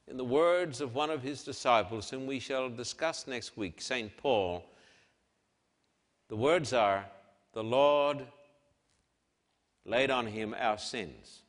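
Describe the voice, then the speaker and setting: Dramatic preacher in a ringing hall. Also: male voice, mid-range voice, measured pace. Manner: emphatic, swings between loud declarations and hushed softness. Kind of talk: dramatic sermon with scripture reading.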